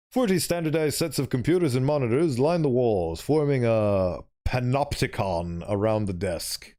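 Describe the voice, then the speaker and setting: A man's voice: medium pitch, dark tone. A young man streaming, reading a visual novel aloud and rambling through commentary with chuckling, self-interrupting asides.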